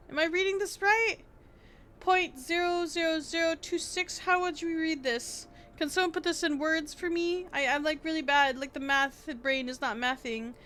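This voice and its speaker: High, bright, excitable young woman streamer. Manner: excitable, rambling, self-deprecating, laughs often. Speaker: VTuber streamer. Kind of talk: casual live-stream chat.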